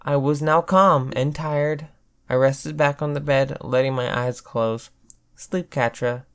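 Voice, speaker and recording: A man's voice: on the high side, steady tone, a little slow, clean tone. A man reading a fanfic story aloud in plain first-person narration. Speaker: fanfic reader.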